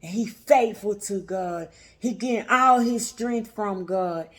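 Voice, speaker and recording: Slow, preacherly woman teaching spirit. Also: mid-range voice. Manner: slow, repetitive, preacherly address to listeners. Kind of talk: unscripted spiritual teaching talk.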